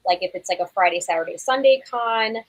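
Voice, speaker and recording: A woman's voice: mid-range voice, fairly quick, rough recording. A woman from the Chicago area, a podcast guest chatting casually, full of ums and likes. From Chicago area, US Midwest. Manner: chatty, lots of um and like. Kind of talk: casual panel chat.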